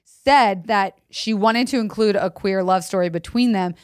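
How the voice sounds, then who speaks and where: A woman co-hosting a film podcast, talking emphatically and peppering her points with swearing. Her voice sits at an ordinary middle pitch. The recording is close and dry. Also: moderate pace, dry recording. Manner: emphatic, swearing, acts out quotes. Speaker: podcast co-host. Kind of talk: casual film chat.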